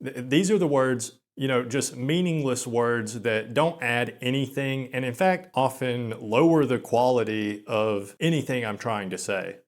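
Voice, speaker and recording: Young man, monotone, slow, filler words, small stutters, mid-pitched voice. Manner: slow, flat delivery with many filler words; frequent quick stutters. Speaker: channel host. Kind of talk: self-deprecating vlog monologue.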